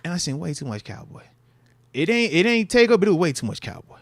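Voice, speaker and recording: A man co-hosting a casual sports podcast, animated and slangy, repeating his phrases for emphasis. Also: high-pitched, fast talker, no echo. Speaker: podcast co-host, former player.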